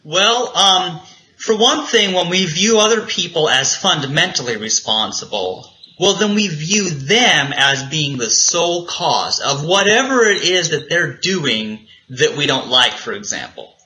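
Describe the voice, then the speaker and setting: Man, earnest discussion guest, bright tense tone, very lively pitch. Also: a little slow, low-quality recording. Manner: earnest, animated, acts out quoted voices. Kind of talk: casual discussion.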